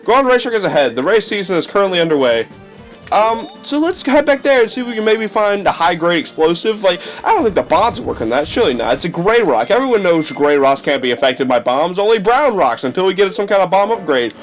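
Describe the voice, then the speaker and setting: A man's voice: high voice, very animated, a little fast, soft background music. A young man casually commenting on a video game, goofy and playfully sarcastic. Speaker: let's play host.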